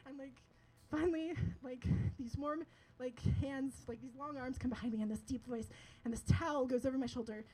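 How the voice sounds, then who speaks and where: High-voiced young woman telling a story. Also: steady tone, normal speed, mellow, husky, low-quality recording. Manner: chatty, laughs often, lots of "like" fillers. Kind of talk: live personal storytelling.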